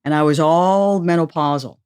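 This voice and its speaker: A woman hosting a casual interview, telling stories in an animated, laughing way and swearing freely. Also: low-pitched, moderate pace, clean tone, no room sound. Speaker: host.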